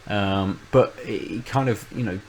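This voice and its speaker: A man's voice: fairly low pitch, a little slow, slight background noise, low-quality recording. A man, co-host of a podcast, in casual chat, rambling and thinking aloud with many restarts.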